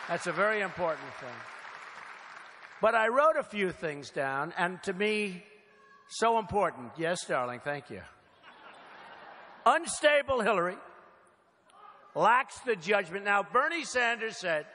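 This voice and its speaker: A man's voice: high voice, big pitch swings, unhurried, pauses often, bright, forceful tone, a faint crowd. Older male candidate at a podium, punchy and repetitive rally delivery, long hall reverb with faint background noise. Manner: repetitive, emphatic, speaks in short punchy phrases. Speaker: political candidate speaking at a rally. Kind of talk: campaign rally speech. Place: large hall, crowd present.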